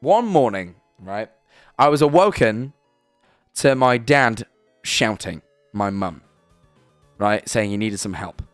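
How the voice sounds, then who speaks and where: A man's voice: on the low side, expressive, slow pace, pauses often, smooth, no echo, faint music behind. A young British man streaming, chatting casually and emphatically, swearing and tagging "right?" onto his sentences. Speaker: streamer reacting to videos and chat. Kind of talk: casual live-stream chat.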